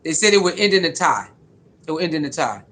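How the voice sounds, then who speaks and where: A man's voice: on the high side, big pitch swings, fast, a bit bright. A man casually chatting on a live stream, greeting viewers by name in slangy, repetitive talk.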